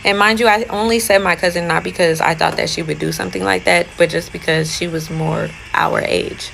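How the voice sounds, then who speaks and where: A woman's voice: fairly low pitch, steady tone, fairly quick, gravelly, fairly bright tone, slight background noise, low-quality recording. A young woman chatting casually as she retells a personal story, often slipping into quotes of what she and others said.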